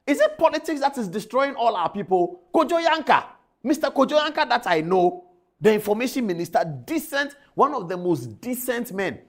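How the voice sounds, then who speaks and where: A woman's voice: fairly high pitch, very animated, moderate pace. A woman giving indignant political commentary, calling out people by name and repeating her points. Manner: indignant, addressing people directly.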